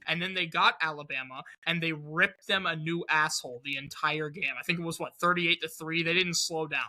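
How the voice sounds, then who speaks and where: Man, podcast co-host, chatty, stumbles over the start of thoughts, very bright tone, fairly high voice. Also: fairly even intonation, fairly quick, low-quality recording. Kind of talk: casual sports podcast chat.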